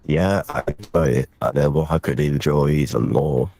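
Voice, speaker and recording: Very deep gravelly British man, crude banter. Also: moderate pace, dark tone, dry recording. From Britain. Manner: slangy, flirtatious, rambling. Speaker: caller on a livestream.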